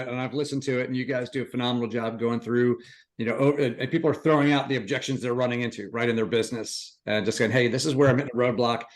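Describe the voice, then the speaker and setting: Male host, mid-range voice, loose rambling questions, encouraging tone. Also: medium pitch. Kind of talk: casual interview questions.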